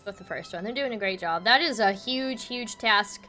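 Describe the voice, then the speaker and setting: Young female streamer, high and bright-toned, chatty and excitable over gameplay. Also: moderate pace, soft background music. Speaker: game streamer. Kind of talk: casual live-stream chat.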